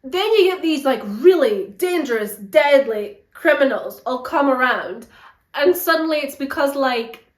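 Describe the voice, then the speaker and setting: Animated woman reviewing books. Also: high voice, measured pace. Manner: animated, blunt and sarcastic. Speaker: book reviewer. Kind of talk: casual book review. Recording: roomy echo.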